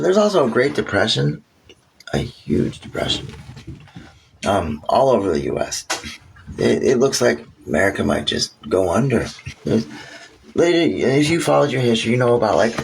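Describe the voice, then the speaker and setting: A man's voice: creaky, a little hiss or hum, poor audio. A man casually retelling history with crude jokes, laughing between points and jumping into quoted voices. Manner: animated, acts out quoted voices with sudden high pitch jumps.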